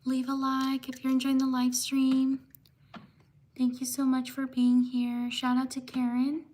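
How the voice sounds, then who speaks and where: Slow high-voiced woman livestream host. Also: a little hiss or hum. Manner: slow, steady shout-outs, apologizing for mispronouncing names. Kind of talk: livestream shout-outs to chat.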